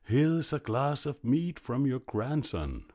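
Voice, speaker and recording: A man voicing a fiery-tempered male innkeeper in a fairy tale reading, loud and then pleading. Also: on the low side, moderate pace, voice pushed up, natural voice. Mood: shouting.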